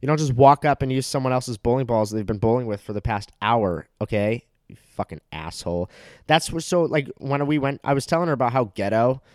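A man's voice: medium pitch, lively intonation, a little fast, a little mellow, no echo, clean studio sound. A young man telling a rambling, profane comedic story that keeps getting heated, with plenty of filler words.

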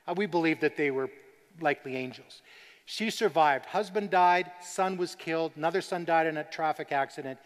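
A high-voiced Canadian man preaches in a large church, his words trailing off into a long hall reverb. He tells stories earnestly, then rises to emphatic declarations. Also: normal speed. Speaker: guest speaker on persecuted church. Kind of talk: sermon.

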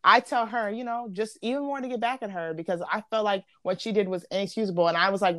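A young woman hosting a casual chat podcast, slipping into slang and acting out quotes as she tells a story. Her voice sits in a middle register and comes across close and dry, with no room sound around it. She talks in an easy, animated way. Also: medium pitch, quick pace, hardly any pauses, no echo. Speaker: podcast host.

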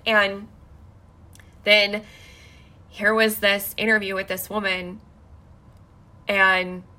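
A woman with a bright, crisp voice tells a personal story in a loose, chatty way. She rambles and stacks up "like" fillers, and her voice carries emotion. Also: mid-range voice.

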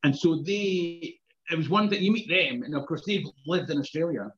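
A man's voice: fairly high pitch, normal speed, fairly bright tone, lo-fi sound. A Scottish man, around his fifties, telling chatty anecdotes in casual conversation, laughing and swearing now and then. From Scotland. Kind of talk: casual chat.

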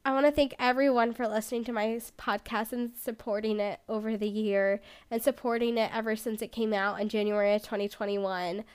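Woman podcast host, high clear voice, casual rambling chat, self-deprecating. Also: flat delivery, a little fast, hardly any pauses, darkish tone.

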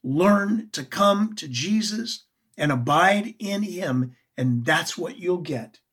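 Slow, husky woman teaching a sermon. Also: fairly low pitch. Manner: earnest, expressive, asks the audience questions. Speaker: Bible teacher.

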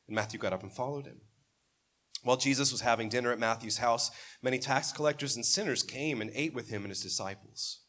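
A man preaching a sermon in a conversational, animated way, often asking the congregation questions. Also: mid-range voice, fairly quick. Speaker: pastor.

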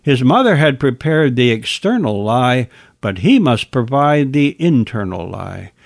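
A man narrates a Bible lesson and comments wryly on the scripture he reads. His voice has some gravel and moves through a wide pitch range. The sound is close and dry. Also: very animated, unhurried, dry recording. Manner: wry asides between scripture readings. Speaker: Bible teacher.

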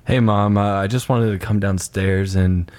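A man's voice: on the low side, steady tone, moderate pace, a little mellow, natural voice. A man voicing a cheeky young male troublemaker in an improv comedy scene. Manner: teasing, blunt.

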